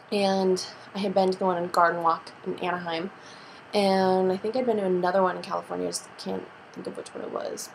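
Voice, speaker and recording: A woman's voice: mid-range voice, slight background noise, rough recording. A woman vlogger in a heated rant to camera, swearing freely and acting out the people she quotes.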